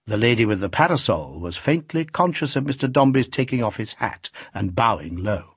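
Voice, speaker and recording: Male narrator, classic novel, theatrical reading, husky voice, dry close sound. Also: mid-range voice, big pitch swings, normal speed, few pauses, no echo. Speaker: audiobook narrator.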